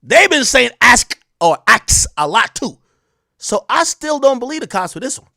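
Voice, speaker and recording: A young adult man hosting a commentary show, talking in a mocking, animated way that swings from loud outbursts to low muttered asides. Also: moderate pace, gravelly, dry recording, studio quality. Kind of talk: sarcastic news commentary.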